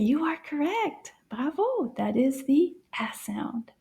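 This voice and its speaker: A woman with a bright, high voice teaches French words to small children at a very slow pace. She gasps with exaggerated wonder, drops to a whisper for her asides and stretches each word out so the children can repeat it. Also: animated, slightly rough, lo-fi sound. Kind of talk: slow, playful kids' lesson.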